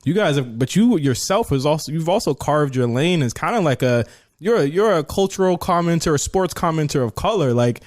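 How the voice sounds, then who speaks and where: A man hosting a casual talk show, asking halting questions full of restarts. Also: on the high side, lively intonation, a little mellow. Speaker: host. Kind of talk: casual interview chat.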